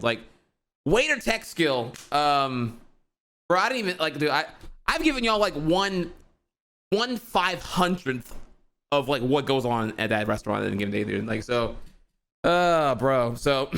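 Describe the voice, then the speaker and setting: A man's voice: on the high side, gravelly, fairly bright tone. A young man ranting heatedly to his stream audience, profane and rambling, full of fillers like "dude" and "bro". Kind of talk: casual ranting monologue.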